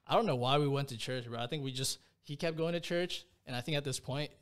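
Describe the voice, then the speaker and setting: A man's voice: medium pitch, fast, clear, resonant tone. A young man, a podcast guest, telling a personal story in a casual, rambling way, full of slang fillers. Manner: slangy, rambling, peppers speech with "bro" and "like".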